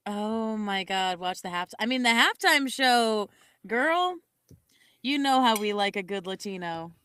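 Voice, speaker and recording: A woman's voice: medium pitch, lively intonation, unhurried, a bit bright, clean tone, no room sound. A young woman co-hosting a podcast, chatting casually in a rambling, giggly way and correcting herself often. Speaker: podcast co-host. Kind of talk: casual chat.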